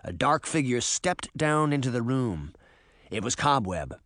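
A man narrating an audiobook in an expressive, dramatic manner. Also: mid-range voice, unhurried, dry recording, studio quality. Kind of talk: scripted narration.

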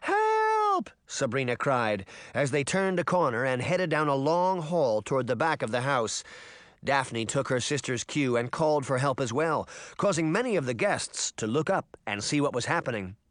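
A man narrating an audiobook chapter in an expressive storytelling manner. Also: medium pitch, moderate pace, no room sound, studio quality. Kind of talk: scripted narration.

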